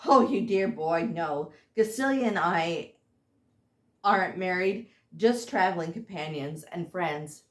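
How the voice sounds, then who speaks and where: An easygoing male hunter, voiced by a woman reading her own book brushes things off with offhand replies. The delivery is unhurried, and the room gives a noticeable echo. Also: lowish voice, expressive. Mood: amused.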